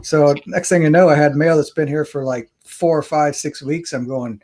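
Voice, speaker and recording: A man's voice: on the high side, fairly even intonation, moderate pace, hardly any pauses, a little mellow. Laid-back slangy man hosting a stream. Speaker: livestream host. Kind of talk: casual livestream chat.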